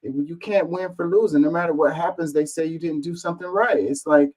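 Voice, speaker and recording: A man's voice: fairly high pitch, steady tone, a little fast, darkish tone, poor audio. A man reading online comments aloud and answering them in an exasperated, casual rant, swearing and firing off rhetorical questions.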